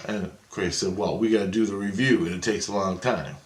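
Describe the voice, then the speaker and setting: A man with a lowish voice rants on at length, agitated and swearing freely. The sound bounces around an echoey room. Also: a little fast, few pauses. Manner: agitated, profane ranting. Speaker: vlogger. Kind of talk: rambling spiritual monologue.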